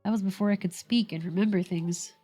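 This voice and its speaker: A woman's voice: medium pitch, fairly even intonation, brisk, mellow, faint music behind, lightly acted. A woman voicing a clingy, stubborn little girl who adores her brother, reading the lines aloud in her own voice.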